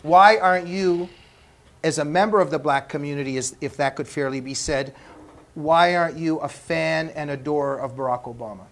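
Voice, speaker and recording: A man's voice: a little high, moderate pace. A man from Canada hosting a panel talk show, joking and laughing often. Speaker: host.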